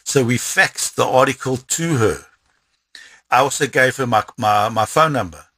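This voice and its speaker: A middle-aged man with a South African accent, recounting a story in an interview with lively repetition. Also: mid-range voice, moderate pace, husky, dry recording. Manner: animated storyteller, repeats words when excited.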